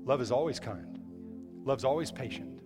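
A man's voice: mid-range voice, lively intonation, moderate pace. A male pastor preaching a sermon in a church, emphatic, often restarting his phrases. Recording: hall reverb with faint music.

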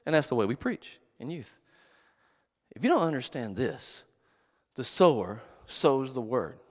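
A middle-aged man preaching a sermon as a pastor. He tells jokes and stories and shouts for emphasis. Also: medium pitch, a little slow. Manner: animated, joking storyteller who shouts for emphasis. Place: church hall. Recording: long reverb of a large hall.

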